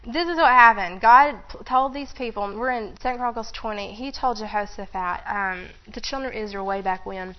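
A woman's voice: on the high side, fairly quick, hardly any pauses. Woman preaching in a chatty, laughing way, slightly muffled. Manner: chatty, laughs often, frequent asides. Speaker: Bible teacher. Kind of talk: informal sermon.

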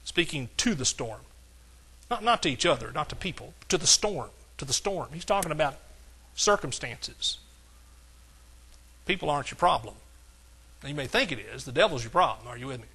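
A man preaching a sermon as pastor, with emphatic lines that swing from soft to hollering. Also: fairly high pitch, expressive, moderate pace, pauses often, husky.

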